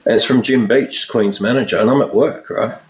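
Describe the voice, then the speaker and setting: A man in his forties, a guest musician telling stories in a casual interview, animated and acting out the people in his anecdotes. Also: mid-range voice, brisk. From Australia. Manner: animated storyteller, acts out voices in his anecdotes. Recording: roomy echo, a little far from the mic.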